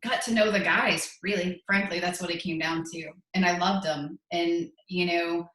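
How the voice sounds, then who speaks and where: A woman's voice: on the low side, steady tone, normal speed, fairly bright tone. A woman in her forties, a podcast guest, earnestly telling her story and acting out what people said. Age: 40s. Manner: earnest, storytelling with quoted voices. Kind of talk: podcast interview. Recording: echoey room.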